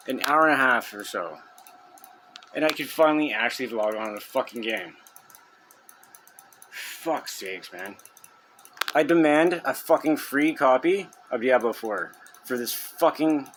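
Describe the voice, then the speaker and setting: A young man rants furiously to camera, swearing nonstop and breaking into loud outbursts. His voice sits at an ordinary middle pitch. A faint ambient hum sits in the background. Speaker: gamer venting on video. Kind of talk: angry rant to camera.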